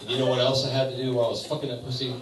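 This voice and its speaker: A man's voice: medium pitch, very fast, heavy background noise. Profane man doing stand-up in an echoey bar. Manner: profane, animated storytelling with sudden loud outbursts. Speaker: stand-up comedian. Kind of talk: stand-up storytelling. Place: bar stage. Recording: echoey bar room, voice from far off. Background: audience laughter.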